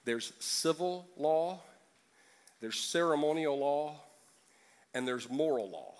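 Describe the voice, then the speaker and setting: Joking, animated male pastor. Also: a little high, slow pace. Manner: lively, joking, acts out congregation voices. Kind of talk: sermon.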